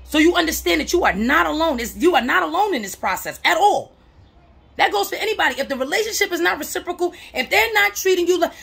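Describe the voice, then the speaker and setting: A woman talking straight to camera in a casual advice vlog, her voice sitting high with a gravelly, fried edge. She is animated and full of slang, hammering points home by repeating them. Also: fast talker. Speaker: relationship advice vlogger.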